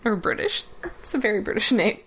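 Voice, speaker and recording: A woman co-hosting a casual chat about cartoons, expressive and giggly. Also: mid-range voice, brisk, husky. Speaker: podcast co-host.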